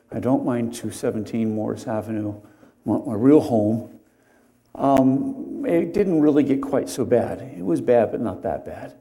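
A man with a warm, mid-range voice preaches an expository sermon. He is deliberate and conversational, pausing to stress key words and drifting into homely asides.

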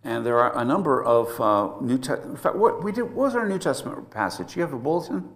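A pastor teaching a Bible study in a relaxed, conversational way, pausing often with fillers and restarting sentences. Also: male voice, mid-range voice.

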